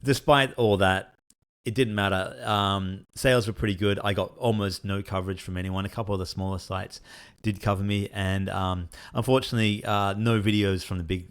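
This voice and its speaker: A man's voice: lowish voice, steady tone, moderate pace, smooth. A man, a solo game developer, talking candidly and rambling with many fillers. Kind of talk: casual talk to camera.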